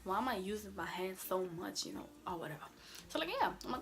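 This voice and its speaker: A woman's voice: medium pitch, sing-song, fast talker, fairly bright tone. A young woman telling a story on her vlog in a casual, emphatic, sassy way, filling her talk with "like" and firm "mm-mm"s. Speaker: vlogger.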